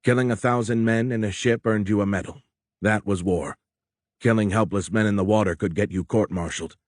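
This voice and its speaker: A man narrating a war novel as an audiobook in a measured, steady storytelling manner, close on a studio mic. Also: on the low side, dry recording.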